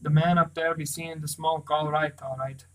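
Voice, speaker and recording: A man reading a novel aloud, voicing an older male castaway sailor in a firm, reassuring tone, a little louder than his narration. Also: on the high side, level tone, normal speed, lightly acted, poor audio. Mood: steady.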